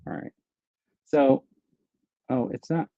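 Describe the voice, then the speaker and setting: A man takes his time speaking on a recording with no echo and the highs cut off. He hosts a casual live stream about his action figure collection, rambling and thinking aloud as he answers comments from chat.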